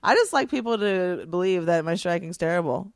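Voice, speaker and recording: A woman fighter being interviewed, giving relaxed, offhand answers while shadowboxing. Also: on the low side, brisk, no room sound, studio quality. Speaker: guest, professional fighter. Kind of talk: casual interview chat.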